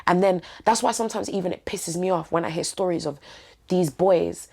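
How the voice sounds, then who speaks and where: Young woman, low voice with lots of fry, talking straight from the heart, bit of slang. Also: a little fast, dark tone. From East London. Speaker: podcast guest. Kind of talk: candid interview talk.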